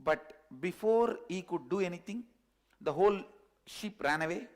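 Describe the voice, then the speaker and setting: A man, a spiritual teacher telling a parable in a discourse, animated and chuckling at his own jokes. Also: sits high, normal speed.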